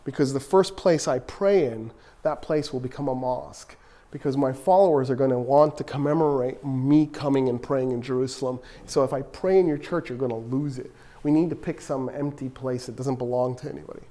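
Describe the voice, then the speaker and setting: A man voicing an older male caliph who negotiates calmly and firmly, speaking in a plain, matter-of-fact way. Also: mid-range voice, brisk, natural voice.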